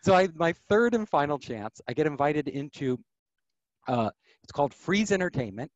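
A middle-aged man, a podcast guest, telling stories of his career in an animated way and acting out the voices of people he quotes. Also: on the high side, moderate pace, no room sound, highs cut off. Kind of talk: storytelling interview.

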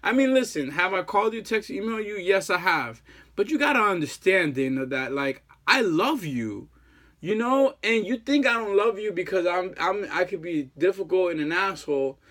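Very animated and speaking at normal speed, a man in his thirties with a high, somewhat bright voice plays a jilted ex-boyfriend addressing the camera. His long plea wanders and loops back on itself, packed with fillers and crude, casual slang.

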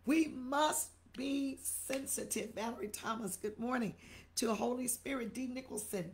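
An exuberant middle-aged woman preacher, her voice sitting a little high. She repeats phrases and calls out to her listeners by name as she preaches on a livestream. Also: normal speed. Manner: exuberant, repetitive, calls out viewers' names. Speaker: bishop and preacher. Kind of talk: livestream sermon, greeting viewers.

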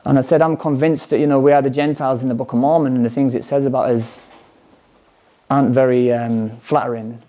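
A man gives a frank personal testimony to a conference audience. His voice is mellow and warm, set at a middle pitch. His delivery is conversational, with emphatic passages when he reads scripture aloud. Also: steady tone, fairly quick. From England. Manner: candid, conversational, with bursts of emphatic scripture reading. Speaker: conference speaker.

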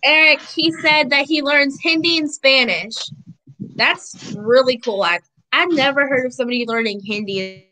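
A woman's voice: sits high, normal speed, pushed and bright, no echo, poor audio. A young woman with a Southern accent, chatting casually and reading viewer comments aloud on a cooking livestream. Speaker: co-host reading live comments.

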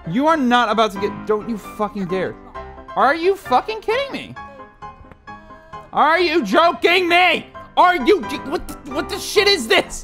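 A young man doing casual, profane commentary while playing a video game, excitable and yelling at the game. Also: very high-pitched, unhurried. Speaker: gameplay commentator. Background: game music.

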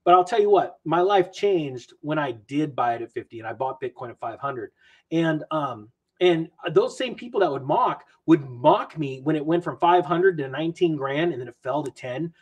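Male finance creator, podcast guest, expressive and self-deprecating, upbeat chatter. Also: on the high side, moderate pace, slightly rough, muffled recording. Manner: animated storyteller, jokey and self-mocking. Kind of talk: casual podcast chat.

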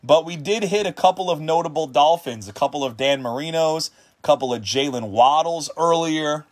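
This man is running a trading card break on a livestream, tossing off player names in loose commentary and yelling with excitement at big pulls. It's late in a long stream and he's worn out and hungry. His pitch is fairly high and his speed is normal.

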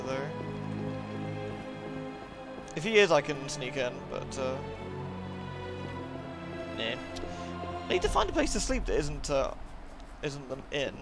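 A man's voice: medium pitch, very animated, fairly quick, vocal fry, long pauses. A man casually commenting on a game he is playing, muttering to himself as he goes. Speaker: game streamer. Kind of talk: casual live-stream commentary. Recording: game music playing behind.

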